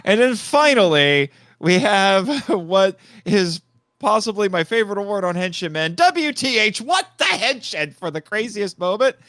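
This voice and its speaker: A man talking as a podcast guest in casual chat, excitable, laughing often and changing his mind mid-thought. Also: high voice, a little slow, no room sound, clean studio sound.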